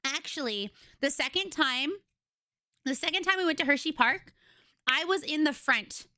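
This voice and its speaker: A young adult woman livestreamer chatting casually with her audience, excitable and giggly as she tells stories. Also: sits high, moderate pace, no room sound, clean studio sound. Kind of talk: casual chat with a live audience. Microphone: desk microphone.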